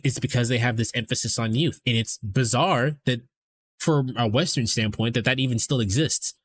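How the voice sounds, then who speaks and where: A man's voice: medium pitch, husky. Casual, profane man chatting on stream. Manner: rambling, profane, conversational. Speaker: streamer host.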